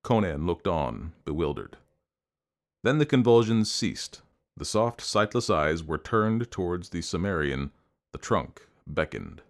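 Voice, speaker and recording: A man narrating an audiobook in a measured, expressive storytelling manner. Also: deep voice.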